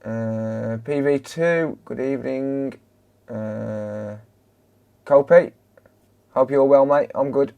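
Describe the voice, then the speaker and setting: A man talks slowly and easily in a casual live-stream chat. He reels off viewers' names in greeting and answers the chat with laid-back banter from his repair bench. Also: mid-range voice, creaky, highs cut off.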